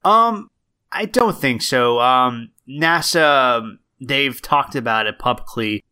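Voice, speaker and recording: Guy cohosting a podcast, bright clear tone, rambly, lots of ums. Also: medium pitch, animated, slow pace. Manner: rambling, many fillers and restarts. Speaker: podcast co-host. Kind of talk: casual chat.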